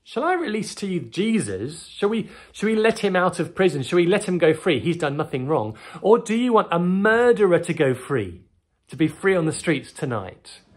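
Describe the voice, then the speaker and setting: A children's teacher voicing Pilate as a flustered governor who pleads with a crowd, in a raised, louder voice. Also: mid-range voice, sing-song, moderate pace, pitched above the performer's own voice. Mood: pressing. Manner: pleading, exasperated questions.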